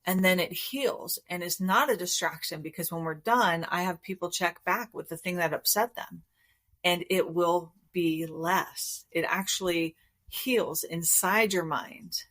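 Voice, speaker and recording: A woman therapist, a guest on a podcast interview, explaining her approach in a calm, measured way. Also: fairly low pitch. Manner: calm, measured, explanatory, acts out inner voices.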